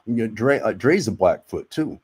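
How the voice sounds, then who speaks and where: A man's voice: lowish voice, expressive, moderate pace, darkish tone, slightly rough. A man, an army veteran and actor, telling rambling stories as a guest in a casual interview. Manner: rambling, repeats words, acts out quoted voices.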